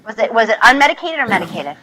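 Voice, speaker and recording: A woman nursing instructor giving a classroom lecture, energetic and coaxing as she leads the group through exercises. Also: fairly high pitch, very fast. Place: lecture hall. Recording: loud background noise.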